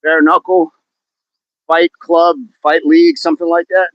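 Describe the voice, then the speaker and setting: A man's voice: on the high side, little pitch movement, a little slow, no echo. A man hosting a fitness livestream outdoors, chatting casually and joking as he reads viewer comments. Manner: joking, chatty, laughs often. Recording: dull, dry, lo-fi sound.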